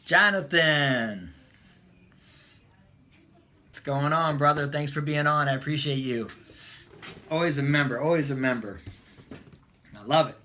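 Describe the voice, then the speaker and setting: A man's voice: fairly high pitch, fairly even intonation, normal speed, pauses often, a bit bright, a little hiss or hum. A man hosting a casual live stream, upbeat and greeting viewers by name as they join.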